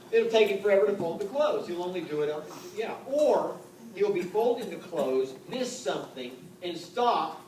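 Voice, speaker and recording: A man in his fifties coaches a room of real estate agents in a loose, joking way, firing off rhetorical questions. His voice sits a little high for a man. He is picked up from across an echoey meeting room, with a clear layer of background noise. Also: recorded from a distance. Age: 50s. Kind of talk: live motivational seminar talk.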